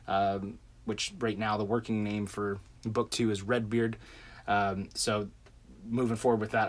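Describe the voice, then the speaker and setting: A man who writes novels, giving a casual, rambling update to his viewers, full of fillers and restarts. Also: medium pitch. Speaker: self-published novelist. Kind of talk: casual update vlog to camera. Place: home room with adjusted lighting.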